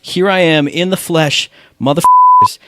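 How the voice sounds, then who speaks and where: A man putting on the voice of a brash, crude male showman who bursts onto a stage, shouting with squealing jumps in pitch. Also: normal speed, no echo, close to an everyday voice. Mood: boastful.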